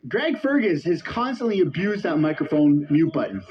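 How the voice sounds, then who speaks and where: A man streaming from his basement on a headset mic, reacting with loud swearing, shouting and exasperation. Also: a little high, big pitch swings, normal speed, highs cut off. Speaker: streamer reacting to a parliament clip. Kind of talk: loud profane reaction commentary. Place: home basement. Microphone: headset with headphones.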